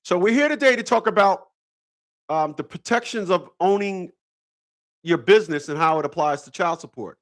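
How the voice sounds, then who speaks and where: Rambling, laughing man with a lively pitch. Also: normal speed. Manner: rambling, repeats himself, laughs often. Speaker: channel host. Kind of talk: casual livestream talk.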